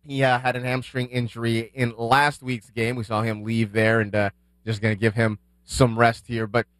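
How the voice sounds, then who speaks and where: A man's voice: medium pitch, little pitch movement, normal speed, a bit bright, clear, resonant tone, no echo. A man hosting a casual pregame sports radio show, upbeat and asking his co-hosts questions. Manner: upbeat, asks guests questions. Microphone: studio microphone, dry.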